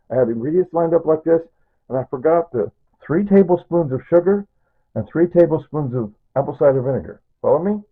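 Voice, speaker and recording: An older man in his sixties talks through a cooking demonstration in a chatty, wandering way, full of asides. His voice is husky. The sound is thin and tinny, like a phone line. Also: on the high side. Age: 60s. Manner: rambling and chatty, with asides and chuckles. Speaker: home cooking vlogger.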